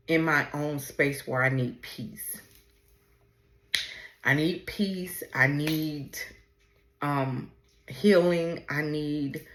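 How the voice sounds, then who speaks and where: Slow, low-voiced woman, tearful and halting. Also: fairly bright tone. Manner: halting, emotional, fighting back tears. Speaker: podcast host. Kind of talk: personal podcast talk on camera. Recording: roomy echo.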